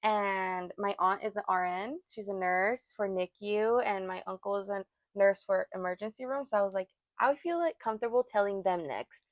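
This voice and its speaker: A woman's voice: medium pitch, moderate pace, few pauses, dry recording, highs cut off. A young woman co-hosting a podcast, telling stories in casual chat and acting out what everyone said. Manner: animated storytelling, acts out quotes. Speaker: podcast co-host.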